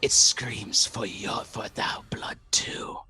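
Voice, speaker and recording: A man voicing a sinister masked male villain in whispered role-play, with a slow, hoarse, unvoiced whisper and archaic menace. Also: on the low side, steady tone, pushed and bright, faint music behind, pitched below the performer's own voice, full character voice. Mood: menacing.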